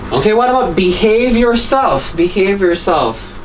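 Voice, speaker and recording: A woman teaching an English grammar lesson, explaining each point step by step and checking with "right?" after nearly every sentence. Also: mid-range voice. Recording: voice a little distant from the mic, faint room hum.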